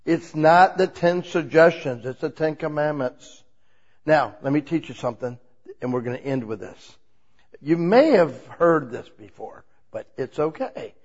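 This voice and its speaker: Husky-voiced animated male preacher. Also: on the high side, unhurried. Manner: animated, acts out prayers and God's replies in shifting tones. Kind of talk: sermon. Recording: dull lo-fi recording.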